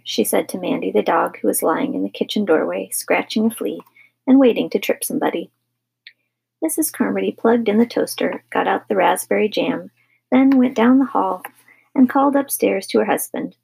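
A woman narrating a children's audiobook in a gentle, measured way. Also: mid-range voice, gravelly, husky, rough recording.

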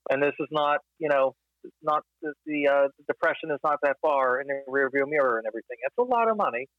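A man talking through film history in a casual podcast discussion, thoughtful and measured, with many fillers. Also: mid-range voice, no room sound, lo-fi sound.

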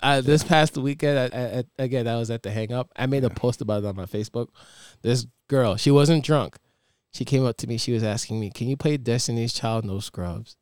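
A man's voice: medium pitch, brisk, darkish tone, clear, resonant tone, dry recording, clean studio sound. A man, a DJ co-hosting a podcast, chatting casually, laughing easily and often restarting his sentences. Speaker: DJ and podcast co-host. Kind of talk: casual chat.

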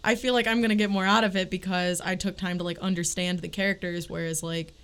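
A woman co-hosting a casual panel chat, opinionated and animated, with many fillers. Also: fairly low pitch, fast, clear, resonant tone.

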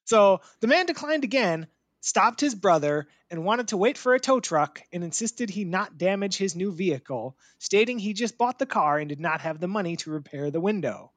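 Lively, chatty woman on a dry mic. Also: mid-range voice, normal speed, dry recording. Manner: chatty, many "like" fillers, lively rising questions. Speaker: podcast co-host. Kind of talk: casual chat.

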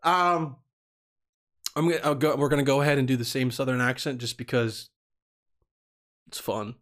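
A man's voice: medium pitch, steady tone, moderate pace, long pauses, fairly bright tone. Offhand man laughing between prank calls. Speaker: prank call streamer. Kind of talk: casual commentary between calls.

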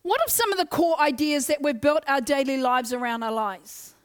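Woman, young, very high voice, Pentecostal preacher, loud, energetic, call-and-response, church service. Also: normal speed. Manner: energetic, exclaiming, loud, urging the crowd. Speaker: guest preacher.

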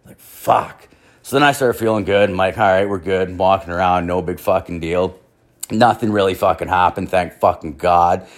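A young man with a slightly low voice rambles through a crude anecdote. He swears constantly and leans on fillers, in a loose, casual delivery. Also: moderate pace. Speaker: storyteller.

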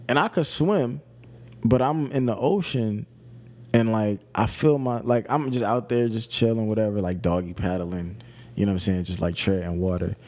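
A man's voice: fairly low pitch, a little mellow. A man co-hosting a podcast, telling a story in slangy, laid-back casual chat. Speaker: podcast co-host.

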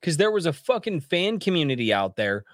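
A man's voice: on the high side, fairly quick, no echo, studio quality. A man hosting a podcast, talking casually and animatedly, swearing a lot and acting out what he said to people. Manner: animated, profane, laughs often, acts out quotes. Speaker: podcast host.

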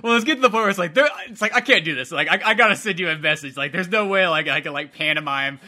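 High, bright-voiced joking man. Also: racing. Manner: jokey, animated, slips into comic voices. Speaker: podcast co-host. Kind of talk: casual chat.

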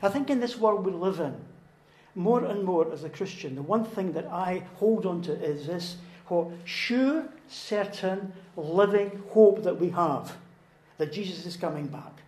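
A man's voice: high-pitched, animated, measured pace, a little mellow, roomy sound. A man preaching a sermon, earnest and repetitive, building to emphatic proclamations.

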